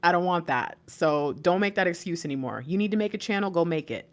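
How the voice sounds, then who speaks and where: A woman's voice: lowish voice, lively intonation, fast talker, hardly any pauses. A woman giving a spiritual reading and talking on her channel as an intuitive life coach, preaching emphatically with casual slang.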